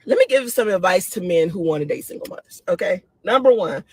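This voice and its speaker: A woman talking casually on a live stream, excitable and laughing often, her voice swooping up high. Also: brisk, breathy edge, dry recording. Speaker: live-stream host giving dating opinions.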